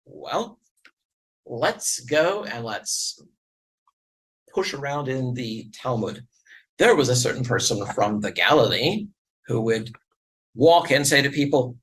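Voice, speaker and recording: A man's voice: mid-range voice, animated, slow pace, pauses often, breathy edge, rough recording. A middle-aged man from the northern United States giving a lecture with slides, earnest and wry, building his argument step by step. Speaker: guest lecturer.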